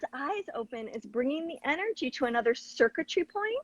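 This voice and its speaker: A woman's voice: sits high, big pitch swings, a little fast, no echo, dull audio. A woman host explaining techniques in an earnest, coaching tone. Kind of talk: conversational teaching.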